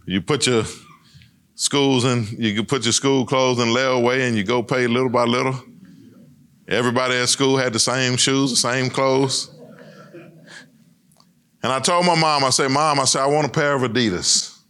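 A man's voice: fairly even intonation, normal speed, pauses often, fairly bright tone. Emphatic man telling his life story. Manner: storytelling, emphatic, swings between high emphatic and low lines. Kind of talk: personal testimony speech.

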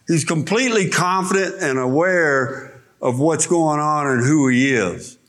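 A man's voice: medium pitch, fairly bright tone. A man preaching a sermon, teaching verse by verse through a Bible passage and explaining the original words.

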